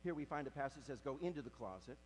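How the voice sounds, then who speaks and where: A man preaching a sermon as pastor, swinging from hushed near-whispers to loud, emphatic preaching. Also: medium pitch, lively intonation, very fast, slight background noise, low-quality recording.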